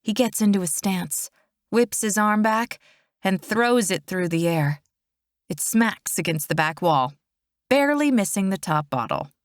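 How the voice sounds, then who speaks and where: A woman narrating a first-person romance audiobook in an intimate, steady way, close to the mic. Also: mid-range voice, unhurried, dry recording.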